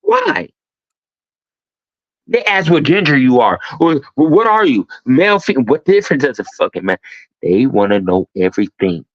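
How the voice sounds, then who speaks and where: A man's voice: medium pitch, big pitch swings, fairly quick, no room sound. A man hosting a livestream talk show, ranting emphatically with a lot of profanity. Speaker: host. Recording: dull lo-fi stream audio.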